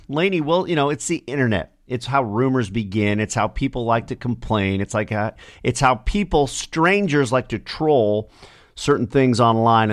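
A man's voice: medium pitch, no echo, studio quality. Chatty country radio DJ, a man. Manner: chatty, rambling, with trailing asides. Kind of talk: casual radio patter.

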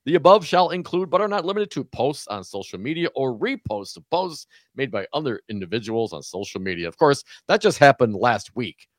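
A male radio co-host in casual political chat, wry and quick to laugh, reading legal text out loud. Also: medium pitch, sing-song, no echo, studio quality. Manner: laughing, wry, plain-spoken.

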